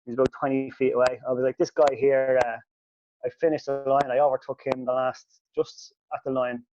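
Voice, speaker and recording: Man, podcast host, animated sweary storyteller, mid pitch, dull recording. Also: fairly quick, no room sound. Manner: animated, sweary, voice jumps up when quoting himself. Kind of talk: casual storytelling.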